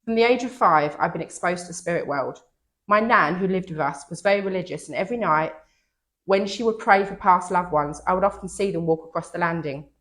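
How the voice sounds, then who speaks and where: A woman, reading a personal story aloud in an earnest, measured way. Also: fairly low pitch. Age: 60s.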